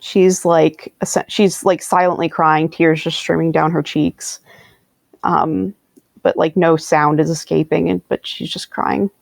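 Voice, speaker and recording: A woman's voice: low-pitched, flat delivery, unhurried, gravelly, no room sound. A woman chatting casually as a tabletop game player, laughing often and filling her talk with "like". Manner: laughing often, many fillers like "like". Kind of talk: casual chat.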